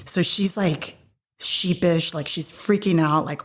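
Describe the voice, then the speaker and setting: A woman's voice: on the low side, slow pace. A woman hosting a podcast, casually retelling a faith story with many fillers and acted-out quotes. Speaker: podcast host.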